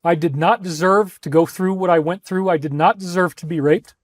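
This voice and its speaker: A man with a notably high voice delivers an intense, rambling lecture, pleading with his listeners. The sound is close and dry. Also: steady tone, a little fast, dry recording. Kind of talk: emotional lecture to an audience.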